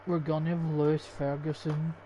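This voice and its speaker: Young Scottish man, mellow flat voice. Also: on the high side, normal speed, a little hiss or hum, poor audio. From Scotland. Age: young adult. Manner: swears casually, thinks aloud. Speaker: gaming YouTuber. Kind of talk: casual gameplay commentary.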